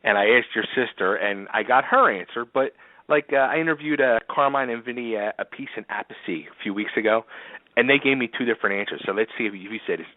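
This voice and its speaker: A man's voice: lowish voice, fast talker, no room sound. A man with a Philadelphia accent hosting a casual interview, asking rambling questions full of fillers. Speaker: interview host. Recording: dry, phone-like line.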